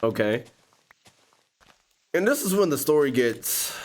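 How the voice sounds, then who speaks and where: A man hosting a gaming video, telling a story in a slangy, expressive way and often breaking into laughter. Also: mid-range voice, slow pace. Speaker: gaming YouTuber host. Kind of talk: animated storytime while playing a game.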